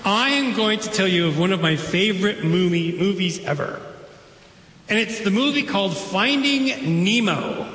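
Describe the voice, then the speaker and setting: A high-pitched man preaches in a relaxed, enthusiastic way, chatting with his congregation. His voice rings through a roomy church sanctuary with a long, echoing tail and faint room noise behind it. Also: moderate pace. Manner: casual, enthusiastic preaching with pop culture asides. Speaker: pastor. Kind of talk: sermon. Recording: echoey church hall.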